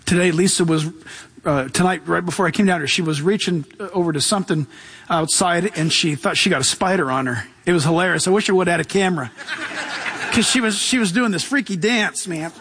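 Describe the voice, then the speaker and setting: A middle-aged pastor preaches a sermon in an enthusiastic, casual way, tossing in slangy asides and voicing Jesus when quoting him. His voice is high and brisk, a bit bright, with a breathy edge.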